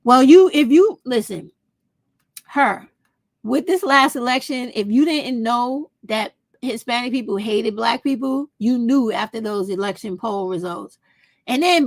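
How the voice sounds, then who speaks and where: A woman's voice: fairly high pitch, no room sound. A woman, talking straight to her viewers in a casual opinion vlog, blunt and profane. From United States. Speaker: vlog host.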